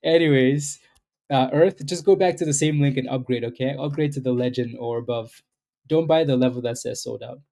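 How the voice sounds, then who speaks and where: Mellow-voiced man hosting a trading livestream. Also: mid-range voice, a little fast, gravelly. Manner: rambling, keeps asking "right?", repeats himself. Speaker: stock trading livestream host. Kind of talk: casual live market commentary.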